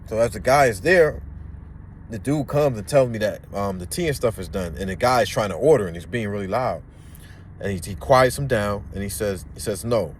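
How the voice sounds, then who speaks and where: A man's voice: fairly low pitch, moderate pace, a little hiss or hum. A young man casually telling a personal story, acting out the voices of the people in it. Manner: animated, acts out voices in the story.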